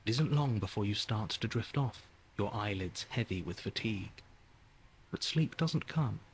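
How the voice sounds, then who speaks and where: An actor voicing a calm male narrator in a video game, speaking in measured second-person narration. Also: fairly low pitch, slight background noise, lightly acted.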